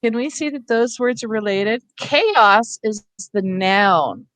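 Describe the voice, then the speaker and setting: A woman's voice: fairly high pitch, lively intonation, slow pace, fairly bright tone, dry recording. A woman leads teachers through a reading workshop over a video call, explaining patiently step by step.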